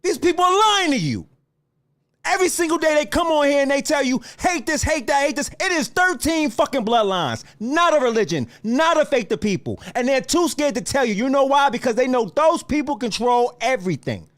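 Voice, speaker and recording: Male podcast host, very high voice that swings widely, heated profane rant at listeners. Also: sing-song, a little fast, a bit bright. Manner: heated, profane, lecturing the audience.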